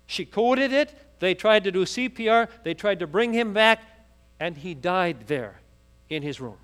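A man preaching a sermon, telling a story rapidly and then rising into fervent, emphatic preaching. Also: sits high, animated, a bit bright, smooth.

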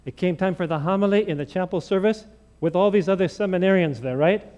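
A male preacher giving a sermon, telling stories in an animated way and acting out the dialogue. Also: sits high, fast talker. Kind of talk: sermon storytelling.

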